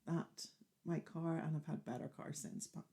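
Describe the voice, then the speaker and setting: A woman's voice: low-pitched, steady tone, normal speed, vocal fry, mellow. Chatty woman co-host. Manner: chatty, teasing, laughs easily. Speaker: podcast co-host. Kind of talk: casual chat.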